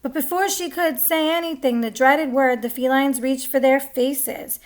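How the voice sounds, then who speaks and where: A woman's voice: high-pitched, steady tone, normal speed. A woman reading a picture book aloud, chatty, stopping to comment on the pictures. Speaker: story reader.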